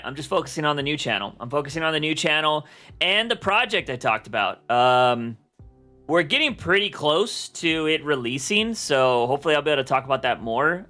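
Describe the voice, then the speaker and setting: Bright-voiced young man, rambling stream chat. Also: mid-range voice. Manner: rambling, lots of "like" and restarts. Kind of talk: casual livestream chat.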